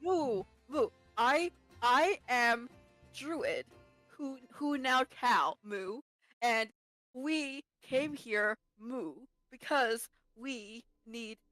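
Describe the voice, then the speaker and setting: A woman's voice: fairly high pitch, expressive, a bit bright, no echo, heavily acted, low-quality recording. Woman playing a confused druid turned cow. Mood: lost, pleading. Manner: drawn-out speech, mooing between phrases. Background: tavern music.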